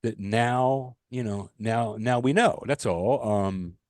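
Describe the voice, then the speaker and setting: A man co-hosting a casual podcast, telling a rambling, animated story with restarts and swearing. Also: mid-range voice, slow pace, dry recording, studio quality. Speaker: podcast co-host. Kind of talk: casual chat.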